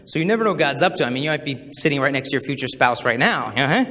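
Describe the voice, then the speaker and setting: A young man in his twenties, a chastity speaker, delivers a humorous talk in a medium-pitched voice at a rapid-fire pace. He's animated and acts out the quoted voices in his stories, with hall reverb and faint noise around him.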